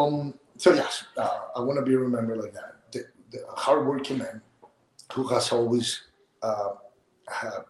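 Man, middle-aged, halting repeated words, soft near-whispers, roomy echo. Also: mid-range voice, a little hiss or hum. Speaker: interview guest. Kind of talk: emotional interview talk.

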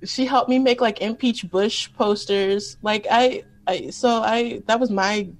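A woman in a casual chat, talking haltingly with many fillers and giggles. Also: mid-range voice, fairly even intonation, low-quality recording.

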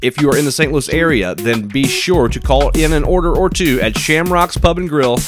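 A man's voice: fairly high pitch, moderate pace, music in the background. A man hosting a casual interview over a video call, joking and sarcastic. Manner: jokey, sarcastic, relaxed. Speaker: podcast host.

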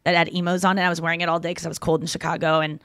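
A woman's voice: on the low side, very fast, clean tone, dry recording, clean studio sound. A woman hosting a podcast, telling comic stories in a casual chat and acting out the lines of people in them. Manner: animated storytelling, acting out quotes; frequent fillers and restarts. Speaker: podcast host and comedian.

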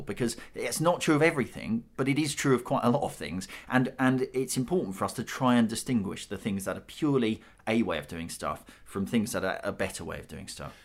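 A man's voice: fairly low pitch, brisk, few pauses. A middle-aged British man in a panel discussion, thinking aloud with frequent restarts. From Britain. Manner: thoughtful, restarts often. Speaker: panel guest.

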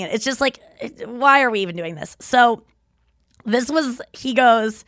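A woman hosting a podcast in casual chat, rambling and animated, laughing often as she talks. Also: a little high, a little fast, no echo, clean studio sound. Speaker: podcast host.

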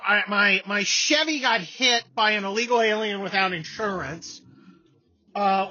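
A man's voice: high voice, bright, forceful tone, slightly rough. A man hosting a casual political chat show, talking sarcastically and slipping into mocking impressions. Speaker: podcast host. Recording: dull lo-fi sound.

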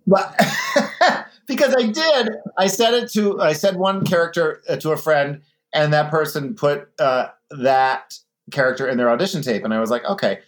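Man, interview guest, chatty, lively storytelling, middle pitch. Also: moderate pace. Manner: chatty, animated storyteller, mimics voices in anecdotes. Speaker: guest, drag performer. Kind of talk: casual interview chat.

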